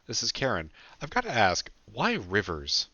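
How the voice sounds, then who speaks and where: A man's voice: fairly low pitch, huge pitch swings, moderate pace, pushed and bright, no echo, muffled recording, pitched above the performer's own voice, heavily acted. A man voicing a blunt, cheeky young man in an audiobook, offhand and sincere in manner.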